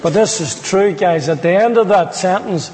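A man's voice: high-pitched, moderate pace, darkish tone, slight background noise. A man with an Irish accent giving his testimony as a preacher, telling his story with humor and quoting people. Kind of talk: storytelling sermon. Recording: long hall reverb.

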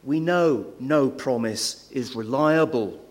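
A man's voice: mid-range voice, slow pace, darkish tone. A man preaching a sermon in a church, conversational, with rhetorical questions and frequent hesitations. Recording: long hall reverb.

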